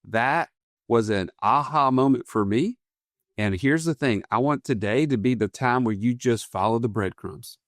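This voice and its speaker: An upbeat male co-host who jokes lightly and then lays out his points one at a time. His voice sits at an ordinary middle pitch. The sound is dry and close to the mic. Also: moderate pace, no echo. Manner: upbeat, joking, builds points step by step. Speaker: podcast co-host. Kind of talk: podcast talk on finance.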